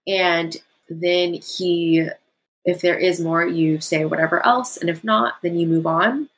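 A woman speaking as a podcast guest, explaining in a relaxed, conversational way with frequent filler words. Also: fairly low pitch, takes it slowly, poor audio.

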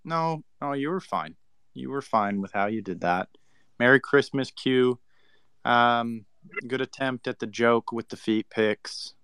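A man's voice: mid-range voice, a little slow, a bit bright, clean tone, no echo. A man co-hosting a casual online talk, teasing and sarcastic with guests. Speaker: co-host. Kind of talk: casual chat.

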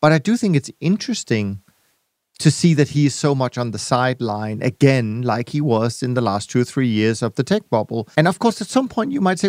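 A man hosting a podcast, speaking in a measured, hesitant way as he searches for words. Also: medium pitch, big pitch swings, darkish tone, no room sound, studio quality. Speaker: podcast host. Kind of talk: casual conversation.

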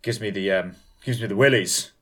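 A man voicing a friendly but uneasy male police detective who talks haltingly with many fillers. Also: fairly low pitch, fairly bright tone. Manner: hesitant, halting, full of fillers.

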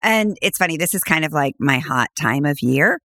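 A woman's voice: low voice, animated, normal speed, a bit bright, no echo, studio quality. A woman podcast host and coach in casual chat, bubbly and laughing often, with a cold. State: has a cold.

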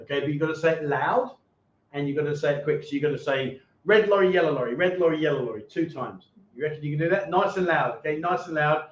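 A man's voice: a little high, fast talker. A man hosting a casual livestream chat show, reading out viewer donations and teasing his guests. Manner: jokey, teasing, repeats himself. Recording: echoey, dull livestream audio.

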